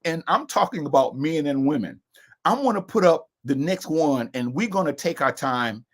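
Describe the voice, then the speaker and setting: A man's voice: a little high, animated, moderate pace. A middle-aged man co-hosting a casual discussion broadcast, talking in an emphatic, preachy way. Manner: preachy, emphatic, sings and repeats lines. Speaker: co-host.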